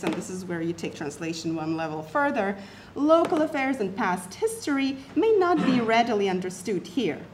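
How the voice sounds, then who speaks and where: A woman's voice: medium pitch, noisy background. A woman presenting an academic paper, reading it aloud and setting off quotations with emphasis and asides.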